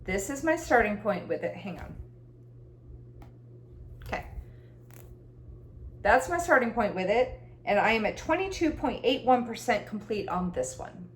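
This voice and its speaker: A woman's voice: on the high side, big pitch swings, measured pace, pauses often, echoey room, a little hiss or hum. A woman talking casually about her cross-stitch projects, rambling and chatty, with self-deprecating laughs. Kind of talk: casual chat. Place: room at home.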